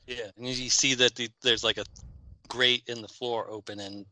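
A man's voice: mid-range voice, steady tone, normal speed, pushed and bright, no room sound, poor audio. A man talking casually about a film, rambling and amused, with lots of fillers.

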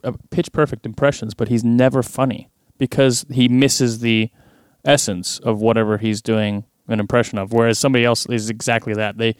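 A man with a smooth, resonant, mid-pitched voice, chatting on a podcast and swearing casually. The sound is dry and close to the mic. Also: little pitch movement, fairly quick, few pauses, no echo. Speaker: podcast co-host. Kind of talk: casual chat.

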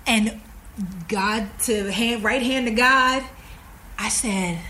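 Animated woman telling a story. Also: slow, a little hiss or hum. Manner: animated, acts out quoted dialogue with big pitch jumps; frank, swears casually. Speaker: podcast guest. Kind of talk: casual storytelling in an interview.

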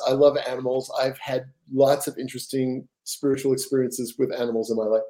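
An older man, a guest author, telling stories in a casual interview, animated and rambling with frequent restarts. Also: medium pitch, a little fast.

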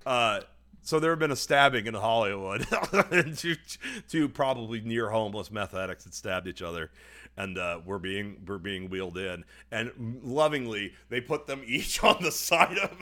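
A young man on a podcast, telling a long story casually, swearing often and putting on quick voices for the people in it. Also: on the low side, expressive, pushed and bright. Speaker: podcast co-host. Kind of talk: casual chat.

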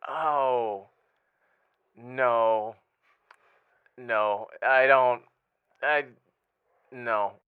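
A man putting on a higher voice as a smug boss who giggles and dodges questions. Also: drawn-out words, long pauses, clear, resonant tone, phone-quality sound. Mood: evasive. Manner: higher-pitched, giggly, evasive. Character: smug male boss caught in the bath.

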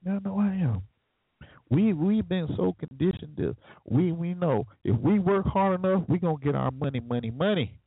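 A man's voice: on the high side, expressive, moderate pace, breathy edge, dry recording. Sarcastic talk show man on a tinny line. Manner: sarcastic, preachy, chuckling asides. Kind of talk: opinionated radio talk monologue. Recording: tinny phone-like, dry.

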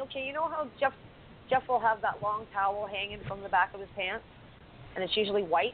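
A woman co-hosting a wrestling talk show, chatty and teasing in casual chat. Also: medium pitch. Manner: chatty, teasing, quick to laugh. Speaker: podcast co-host. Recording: tinny phone line with faint hiss.

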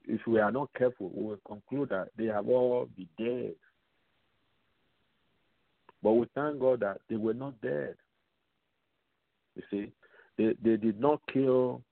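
Radio preacher, male, low gravelly delivery, tinny phone-line audio. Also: no room sound. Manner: slow, repetitive, asks the audience rhetorical questions. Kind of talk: radio Bible teaching.

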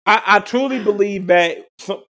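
A man's voice: high-pitched, moderate pace, bright, forceful tone. A young man co-hosting a podcast in casual chat, chiming in and repeating words to press his point. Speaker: podcast co-host.

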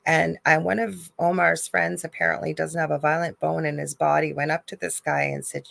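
A woman's voice: sits low, flat delivery, moderate pace, vocal fry, hardly any pauses, a bit bright, dry recording. A woman co-hosting a live talk show, telling a story with strong emotion and animation. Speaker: co-host. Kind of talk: live call-in chat.

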